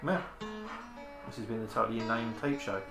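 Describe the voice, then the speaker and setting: A man's voice: medium pitch, brisk, vocal fry, over music. A man hosting a podcast in casual chat, teasing and dry with crude banter. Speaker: podcast host. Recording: echoey noisy room.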